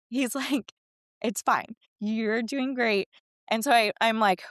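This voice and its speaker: A middle-aged woman, a fitness and wellness coach, telling a personal story in a casual interview, chatty and animated, acting out the voices she quotes. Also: on the high side, moderate pace, no room sound, clean studio sound.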